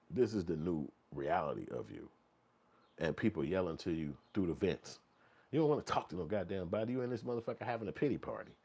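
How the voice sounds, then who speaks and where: A man's voice: sing-song, quick pace, slightly rough. A man hosting a commentary channel, talking casually in a vivid, profane, second-person storytelling style. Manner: acts out quoted voices, sometimes yelling high. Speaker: channel host commenting on news.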